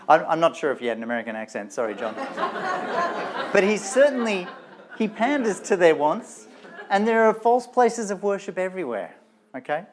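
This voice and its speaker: A man's voice: high-pitched, animated, moderate pace, a little hiss or hum. A man lecturing on a Bible story, telling it with rhetorical questions and playful asides. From Australia.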